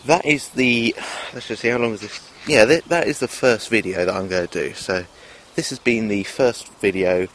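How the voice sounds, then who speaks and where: A man with a fairly low voice rambles through a self-filmed video monologue, hesitating and restarting often. A faint hiss of background noise sits under his voice. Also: normal speed, hardly any pauses, a bit bright. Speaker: vlogger.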